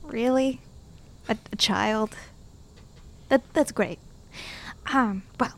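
A woman's voice: a little high, extremely slow, pauses often. A woman playing a tabletop role-playing game, speaking her character's lines in a coaxing, flirty way. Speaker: player.

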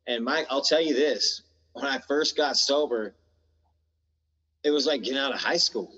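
A man's voice: medium pitch, normal speed, sharp tone, husky. A man from the United States, a podcast guest in recovery, telling his story candidly in blunt, slangy talk that swears freely. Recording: dull lo-fi sound with long reverb.

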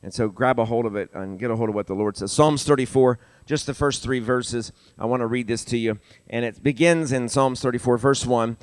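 Older male preacher, animated pulpit delivery, clean resonant tone, close and dry. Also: brisk, clean tone, no room sound. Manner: animated, rising in pitch and volume for emphasis. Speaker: pastor. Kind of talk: sermon. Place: church sanctuary.

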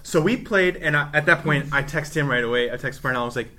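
A man's voice: a little high, fast talker. A man casually telling a funny story on a podcast, laughing and acting out the people in it. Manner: animated, laughing, acts out voices.

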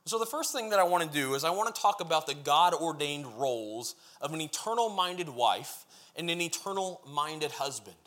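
A man preaches a sermon, reading scripture aloud and then explaining it earnestly and emphatically, building his points as lists. His slightly high, somewhat bright voice has lively intonation at normal speed, with hardly any pauses.

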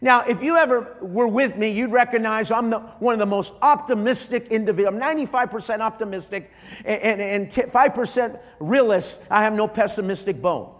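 A middle-aged man, a pastor, preaching an emotional sermon, often halting and repeating his starts. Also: high-pitched, long reverb tail. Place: large church hall.

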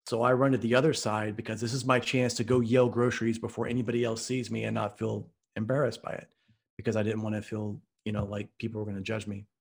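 A man's voice: lowish voice, gravelly. A man from Oklahoma, a podcast guest, telling a story in an earnest, vivid way. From Oklahoma, US Midwest. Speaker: podcast guest, author and speaker. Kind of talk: storytelling in conversation.

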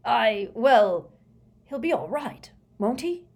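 A man's voice: extremely high pitch, wildly swooping pitch, a little slow, a bit bright, pitched above the performer's own voice, full character voice. A woman voicing a flustered middle-aged male prime minister who stammers anxiously.

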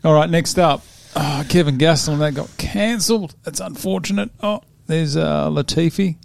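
A man's voice: on the high side, normal speed, creaky, dry recording. A man, chatting casually and laughing often as he previews fights with his young son. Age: 40s. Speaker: podcast host previewing fights. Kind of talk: casual chat.

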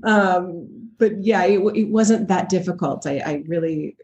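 A middle-aged woman, a voice actor, chatting casually in an interview with frequent laughs and quick asides. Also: on the low side, darkish tone, highs cut off. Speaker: voice and motion capture actor, guest.

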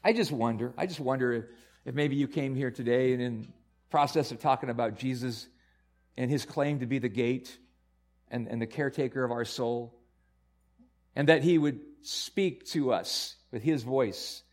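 A man preaching a sermon as pastor, earnest and repeating himself, building to loud emphatic peaks. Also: medium pitch, moderate pace, faint music behind.

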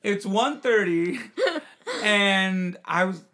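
A man's voice: high voice, slow pace. A young man hosting a podcast, telling a story in casual chat and acting out the voices of people in it. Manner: animated, acts out quoted voices and laughs often. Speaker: podcast host.

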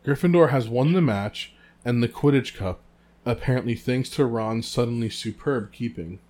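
A man co-hosting a book podcast, reading passages aloud and chatting in an animated way. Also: mid-range voice, normal speed. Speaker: podcast co-host.

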